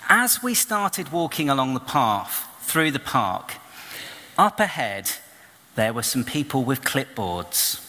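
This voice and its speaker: Lively preacher in a church hall. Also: male voice, medium pitch, slow pace. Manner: animated storyteller, acts out voices and shouts. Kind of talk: storytelling sermon. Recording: long reverb of a church hall.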